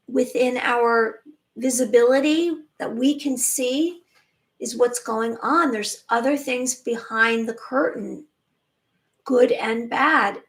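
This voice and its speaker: Speaking directly to her live audience, a woman with a high voice hosts a spiritual channel in a live-stream monologue. Her delivery is emphatic and chatty, and she occasionally restarts a word before moving on.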